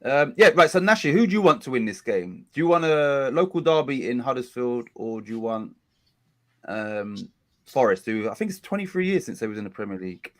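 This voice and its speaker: A man in the middle of his pitch range hosts a casual football watch-along stream. He talks in a loose, rambling way, with frequent self-corrections, and keeps the chat going with his viewers. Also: very animated, brisk. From England.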